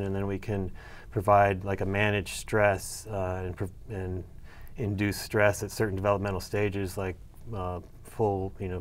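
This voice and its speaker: A middle-aged man answering interview questions about his research, hesitant with many fillers and restarts. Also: on the low side. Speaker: soybean breeder and agronomy professor.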